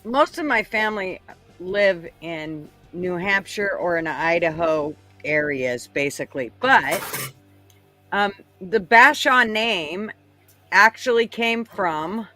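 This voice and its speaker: A woman's voice: medium pitch, slow pace, bright, forceful tone, faint music behind. A woman in casual chat on a podcast, blunt and heavy with profanity.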